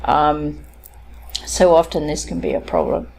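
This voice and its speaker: A woman's voice: deep voice, very animated, unhurried, a little mellow, a little hiss or hum. A woman lecturing at university level, explaining points step by step, checking in with "okay?" and demonstrating stress and intonation on example sentences. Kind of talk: recorded academic lecture.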